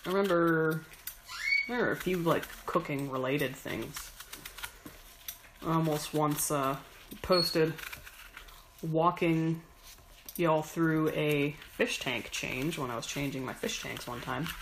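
A woman's voice: low-pitched, takes it slowly, long pauses. A woman chatting casually while she cooks at home, rambling and swearing with self-mocking humor. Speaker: home cook. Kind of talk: casual chat while cooking. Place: home kitchen. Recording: kitchen noise with knife chopping.

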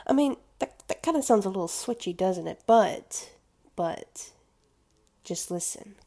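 A woman in an intimate confessional monologue, talking to her listeners slowly and with many pauses. Her voice is mellow and dark with a gravelly fry. She hesitates and restarts, often sinking into soft whispers. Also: medium pitch, lively intonation.

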